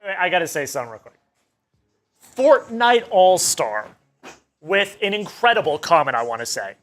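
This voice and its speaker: Young male co-host, high-pitched and excitable, cracks jokes with viewers. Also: moderate pace. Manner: joking, excitable, teasing the chat. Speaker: co-host of a sports live stream. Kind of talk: casual live-stream chat.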